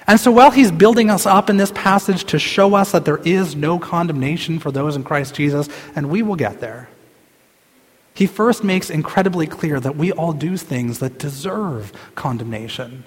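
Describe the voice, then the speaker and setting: Impassioned preacher in a reverberant hall. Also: male voice, sits high, moderate pace. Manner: impassioned, swings from loud cries to hushed near-whispers. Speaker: pastor. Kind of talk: sermon.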